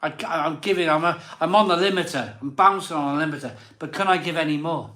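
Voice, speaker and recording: Man, tipsy, rambling host chat, bright tone. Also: fairly high pitch, fast talker, echoey room, slight background noise. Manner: rambling and self-doubting, many fillers and restarts. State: a bit drunk. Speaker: host of a live beer show. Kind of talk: casual live-stream chat.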